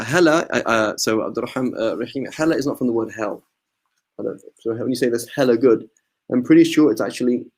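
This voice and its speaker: Man teaching an informal mosque class. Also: lowish voice. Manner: conversational, often adds "right?"; mixes in Arabic religious terms. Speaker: religious teacher. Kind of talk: informal religious class with questions.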